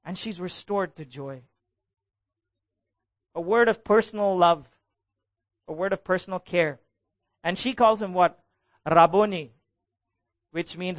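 A man preaching a sermon as pastor, animated, asking the congregation questions and calling for answers. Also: sits high, unhurried, pauses often, no echo, clean studio sound.

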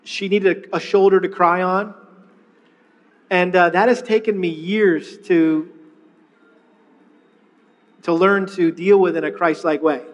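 A middle-aged man preaching a sermon, telling a personal story with lively retellings and frequent restarts. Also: high voice, slow, long pauses, in a large hall, lo-fi sound. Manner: storytelling, animated, with many restarts. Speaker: pastor.

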